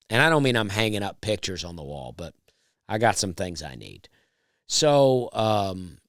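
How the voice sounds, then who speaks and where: Smooth baritone man telling a story. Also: dry recording, clean studio sound. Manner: chatty and rambling, with wry asides. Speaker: comedian and podcast host. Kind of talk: casual storytelling monologue.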